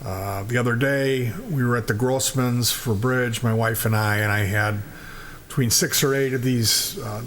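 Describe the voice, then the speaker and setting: A man doing a halting, embarrassed old man. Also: medium pitch, steady tone, a bit bright, slight background noise, close to an everyday voice. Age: older. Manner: halting, with many uh fillers. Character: embarrassed elderly man, fussy and hesitant.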